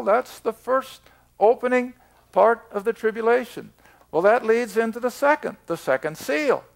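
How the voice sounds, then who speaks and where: An older man teaching a Bible study in a slow, emphatic way, drawing out his words. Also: high voice, creaky.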